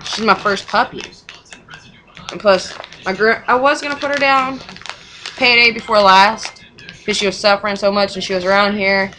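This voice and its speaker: A young mother with a drawl rambles through a personal story in casual, frank chat. Her voice is bright and forward at a middle pitch. A faint hiss sits under the recording. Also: rough recording. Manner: rambling and frank, with swearing and short laughs.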